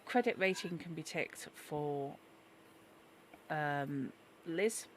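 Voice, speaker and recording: A woman running a tabletop horror game as game master, chatty and quick to correct herself and apologise. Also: low voice, expressive, slight background noise.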